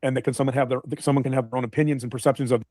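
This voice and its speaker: A man's voice: medium pitch, fairly even intonation, very fast, dark tone, dry recording, studio quality. A man explaining psychology on a podcast in a lecturing way, often restarting his words.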